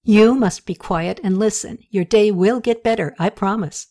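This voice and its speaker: A brisk young woman in an audiobook who speaks plainly and firmly with a teasing edge, voiced in the narrator's own tone. Her manner is direct and even. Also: medium pitch, lightly acted.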